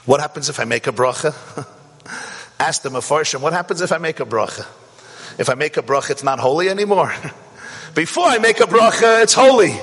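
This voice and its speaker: A man teaching a Torah class, animated and rising to shouts to stress a point. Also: fairly high pitch, moderate pace, pauses often, breathy edge, big-room sound. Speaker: rabbi.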